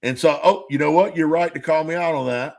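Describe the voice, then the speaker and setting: A man's voice: on the high side, fairly quick, vocal fry, darkish tone. A man co-hosting a casual podcast chat, rambling through stories, acting out both sides of conversations and swearing freely. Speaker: podcast co-host.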